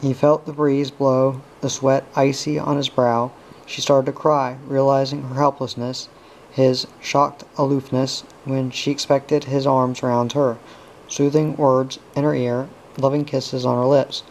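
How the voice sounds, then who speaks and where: A man reading a novel aloud in a steady, understated way. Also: mid-range voice, measured pace, slight background noise, rough recording. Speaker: audiobook reader.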